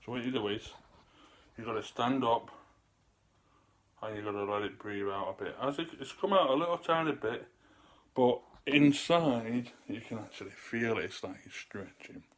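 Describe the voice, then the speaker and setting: A man's voice: mid-range voice, normal speed. A man, rambling in a loose, chatty way to camera and sometimes getting out of breath. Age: 30s. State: out of breath at times. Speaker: vlogger. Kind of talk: casual talk to camera.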